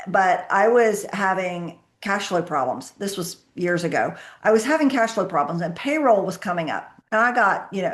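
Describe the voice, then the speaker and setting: Woman, middle-aged, low voice, podcast guest, candid storytelling, conversational. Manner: candid storytelling, acts out her own quoted dialogue. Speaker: podcast guest, accountant and business owner. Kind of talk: conversational interview answers.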